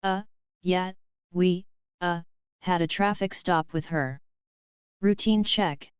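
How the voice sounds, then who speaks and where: A woman's voice: on the low side, takes it slowly, smooth, no room sound, muffled recording. A woman voicing a nervous young male police officer who whispers and stammers, in a story reading. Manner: hushed, stammering.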